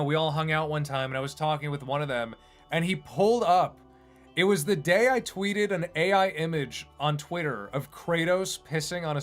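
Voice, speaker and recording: A man's voice: fairly high pitch, a bit bright. A man who animates online, chatting casually on a livestream in a rambling, self-deprecating way. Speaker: streamer and animator.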